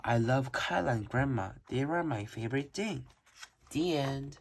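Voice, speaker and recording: A reader reading a children's book aloud slowly and carefully, with occasional slips. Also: medium pitch, expressive. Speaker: storybook reader.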